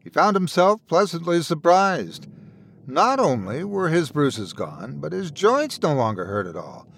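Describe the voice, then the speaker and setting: A man's voice: on the high side, measured pace, creaky. Man telling a horror story expressively. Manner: expressive, dramatic. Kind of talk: scripted horror narration.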